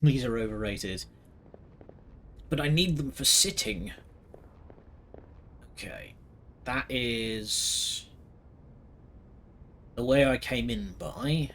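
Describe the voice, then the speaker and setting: A man's voice: mid-range voice, slow pace, pauses often, fairly bright tone, slight background noise. Man joking through a game playthrough. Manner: joking, sarcastic, swears freely. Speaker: gaming video host. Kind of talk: casual let's-play commentary.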